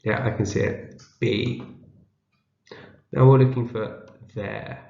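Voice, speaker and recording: In this slow, patient read-aloud lesson, a male teacher sounds out each word for young children and repeats it so they can echo along. His gravelly voice is medium-pitched and darkish, with fairly even intonation. It's captured on a dull, roomy home video.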